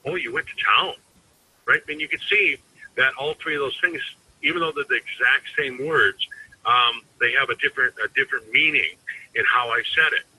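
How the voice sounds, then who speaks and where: A man's voice: medium pitch, fairly quick, pushed and bright, husky, poor audio. A man giving an informal sales training talk as a network marketing team trainer, rambling and conversational with frequent restarts.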